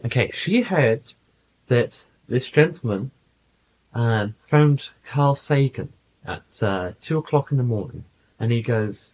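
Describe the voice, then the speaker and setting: A man in a channeling session, speaking in a calm, patient, coaching way and telling anecdotes to a small group. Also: medium pitch, slow, rough recording. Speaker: channeler giving spiritual counsel. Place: small room with a group present.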